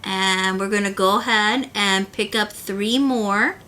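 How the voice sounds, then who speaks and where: Woman, craft tutorial host, bright tone, patient step-by-step guide. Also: medium pitch, takes it slowly. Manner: patient, talks the viewer through each step. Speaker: beading instructor.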